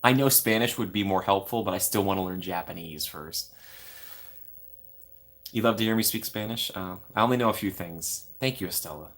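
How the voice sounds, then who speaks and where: Man, fairly low voice, young adult, live stream host, playful, self-mocking, chatting to viewers from home. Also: moderate pace, fairly bright tone. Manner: playful, self-mocking, reads chat aloud. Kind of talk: casual live stream chat.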